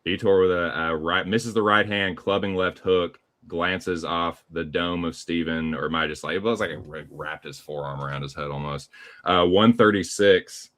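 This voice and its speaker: A man's voice: deep voice, fairly even intonation, moderate pace, a bit bright. A man with a Southern US accent calling live fight action play by play, casual and profane. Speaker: play-by-play commentator.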